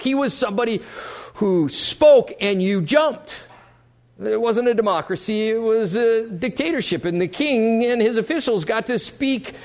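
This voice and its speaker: A man preaching a sermon to a congregation, swinging between loud emphasis and quiet asides. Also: high voice. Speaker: pastor. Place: church sanctuary before a congregation.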